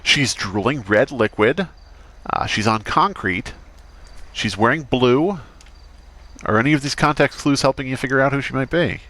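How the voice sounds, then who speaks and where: A man's voice: medium pitch, moderate pace, bright, forceful tone. A man streaming a crime roleplay game as a doctor character, chatting in character with a dry, sarcastic manner.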